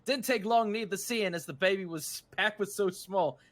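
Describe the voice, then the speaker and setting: A man's voice: high-pitched, normal speed, a bit bright. A man voicing a boastful, cheerful male tattoo artist in a mock British accent, with chummy sales patter.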